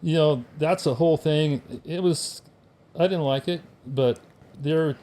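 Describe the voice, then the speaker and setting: A man's voice: fairly high pitch, a little slow, mellow. An older American man, a veteran guest on a podcast, telling casual stories with wry humor and acting out the people he quotes. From United States. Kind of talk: casual storytelling.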